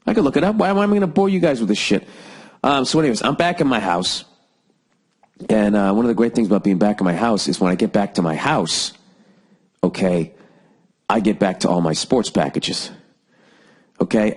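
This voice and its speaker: A man's voice: lowish voice, darkish tone, husky. A man hosting a solo podcast, rambling and sarcastic, swearing constantly, with a lingering cough. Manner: profane, sarcastic, riffing. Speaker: podcast host.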